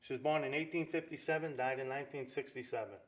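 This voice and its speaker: A man, telling lively neighborhood stories in a casual chat. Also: medium pitch, fast. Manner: lively storyteller, acts out quoted dialogue. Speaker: guest storyteller.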